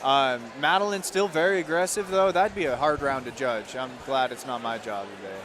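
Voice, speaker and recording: A man doing live fight commentary at a fight venue, relaxed and agreeable, chiming in with short remarks. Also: mid-range voice, brisk. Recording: loud crowd and noise at a live event.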